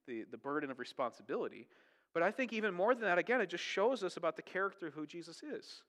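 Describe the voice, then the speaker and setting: A man's voice: a little high, bright, forceful tone, in a large hall. A man preaching a sermon in a chatty, conversational way, often checking in with "right?" and "okay?". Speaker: pastor.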